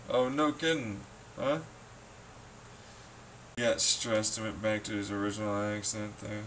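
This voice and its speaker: A man rants to the camera with heavy sarcasm and a lot of swearing. His voice is bright and edgy, and it swings from low mutters to loud shouts. There is a faint hum in the background. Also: steady tone, unhurried, pauses often. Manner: profane, sarcastic, scornful. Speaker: vlogger. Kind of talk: ranting monologue.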